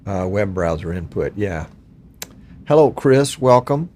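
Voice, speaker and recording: A man's voice: sits low, lively intonation, unhurried, warm tone, a little hiss or hum. A man in his sixties, from Virginia, hosting a casual live stream and chatting with viewers in a folksy, chatty, self-deprecating way.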